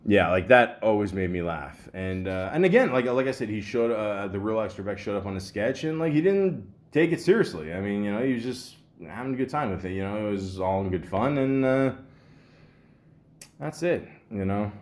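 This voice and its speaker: Male podcast host, low voice, loose rambling chat with frequent laughter, mic'd up close. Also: darkish tone. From Canada. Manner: rambling, laughing often, heavy on fillers. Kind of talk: casual chat.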